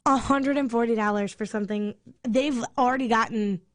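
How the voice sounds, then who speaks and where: A woman radio co-host ranting and swearing in casual chat, fired up and talking fast. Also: fairly high pitch, no echo, clean studio sound. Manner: angry venting, swearing, rapid rants.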